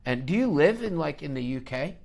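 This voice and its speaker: A man's voice: a little high, animated, fairly quick, vocal fry, a little mellow. A man hosting a live trading video call, talking brash and profane and joking a lot. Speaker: crypto trading host.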